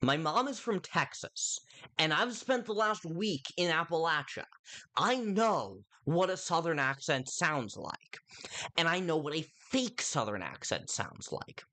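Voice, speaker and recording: Rambling streamer with a lively pitch. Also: a little slow. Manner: rambling, with frequent self-interruptions and restarts; chats directly to viewers in chat. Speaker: livestreamer reviewing a film. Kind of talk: casual stream commentary.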